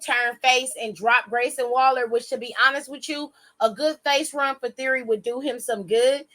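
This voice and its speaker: A woman recaps a wrestling show in a loose, gabby way, cursing freely and cutting into her own story with quick asides. She's animated, and her voice sits a little high.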